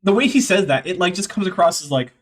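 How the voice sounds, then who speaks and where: A man hosting a casual stream, reacting to a debate clip with sarcastic, animated asides. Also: high voice, quick pace. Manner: sarcastic, animated mock quoting. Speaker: host.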